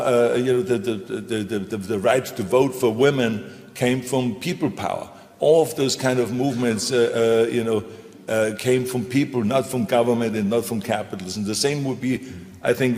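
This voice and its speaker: A man's voice: medium pitch, a little mellow. A man speaking on a panel in an emphatic, repetitive, motivational way. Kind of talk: stage panel talk. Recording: reverberant hall.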